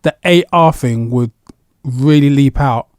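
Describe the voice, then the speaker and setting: A man's voice: mid-range voice, a little slow, dry recording, studio quality. A man co-hosting a casual chat podcast, chatty and agreeable. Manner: chatty, agreeable, lots of "yeah". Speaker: podcast co-host.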